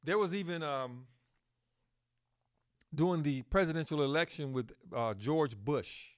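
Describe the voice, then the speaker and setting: Guy doing a solo podcast, kinda high voice, slow, lots of ums and restarts. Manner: slow, halting delivery with fillers and self-corrections. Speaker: podcast host.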